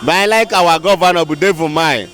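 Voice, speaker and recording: A young man answering a street interviewer, halting and switching between languages. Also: on the high side, a crowd in the background. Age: young adult.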